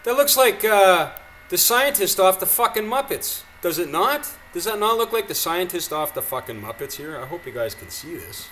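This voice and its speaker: A man's voice: high-pitched, very animated, moderate pace, a bit bright, slight background noise. A man from Canada reacting to news clips with angry, profane, mocking commentary.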